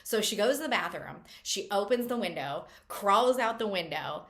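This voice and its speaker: A woman in relaxed conversation recapping a novel's plot for her viewers. She talks loosely, full of fillers, and drops wry, joking asides along the way. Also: mid-range voice, normal speed, a little hiss or hum. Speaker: book reviewer host. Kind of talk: casual book-recap chat.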